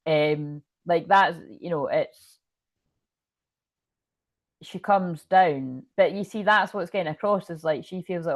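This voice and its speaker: A woman's voice: lowish voice, measured pace, no room sound. A woman giving a casual channeled tarot reading, rambling with lots of fillers and swearing freely. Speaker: tarot reader.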